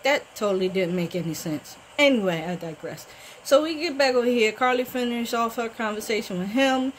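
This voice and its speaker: A woman giving a casual, animated recap of a TV show, often talking back to the characters. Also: fairly high pitch, brisk, slight background noise, poor audio. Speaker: TV recap vlogger. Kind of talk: casual soap-opera recap.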